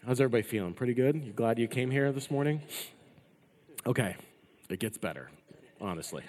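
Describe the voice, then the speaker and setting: A male pastor preaching a sermon, rising to loud emphatic passages and dropping to hushed endings. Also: mid-range voice, lively intonation, a little fast. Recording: long reverb of a large hall.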